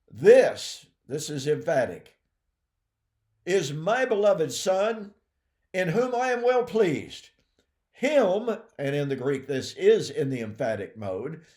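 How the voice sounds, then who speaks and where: A man giving emphatic Bible teaching, calling his listeners "folks" and often clearing his throat. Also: sits high, reverberant. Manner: emphatic, addresses listeners as folks and ladies and gentlemen.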